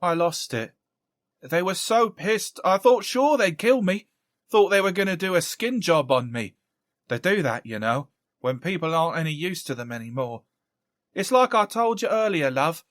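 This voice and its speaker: A man's voice: fairly high pitch, animated, moderate pace, fairly bright tone, no room sound, studio quality, pitched above the performer's own voice. Man doing a sly, threatening young woman. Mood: menacing. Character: scheming young woman, coaxing and menacing.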